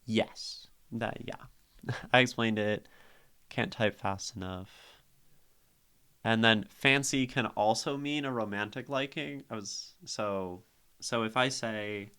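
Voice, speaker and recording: A man's voice: on the low side, a bit bright, clean tone. A young man streaming live, casually talking through a poem and reacting to chat, thinking aloud at a desk mic. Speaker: streamer critiquing poetry.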